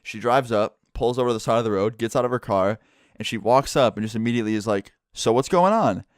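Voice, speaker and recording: A young man telling a story in a blunt, animated way, swearing at times. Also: fairly low pitch, quick pace, clean tone, dry recording, clean studio sound. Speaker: vlogger. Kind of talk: casual storytime.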